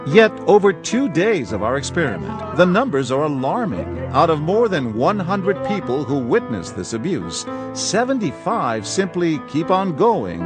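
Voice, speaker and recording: A man's voice: fairly high pitch, big pitch swings, measured pace, few pauses, over music. A man narrating a hidden-camera TV program in a scripted, suspenseful manner. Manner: dramatic, suspenseful delivery. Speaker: host and narrator.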